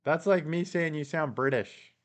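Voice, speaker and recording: A Canadian man hosts a relaxed live stream, reading viewer comments out loud and answering each one. His voice sits a little higher than most men's, and he chuckles often as he talks. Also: moderate pace. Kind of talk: casual live-stream chat.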